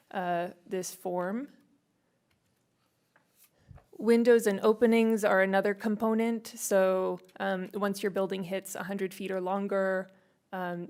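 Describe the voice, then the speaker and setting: A woman methodically presenting building standards at a public meeting, steady and explanatory. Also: mid-range voice, clear, resonant tone.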